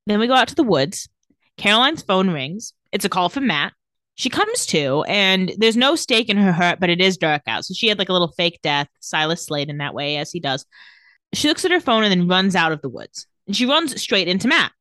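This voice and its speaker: A woman's voice: mid-range voice, lively intonation, brisk, a bit bright, no echo, studio quality. A woman in casual chat, recapping TV scenes and acting out the characters' lines. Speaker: podcast co-host recapping a TV episode.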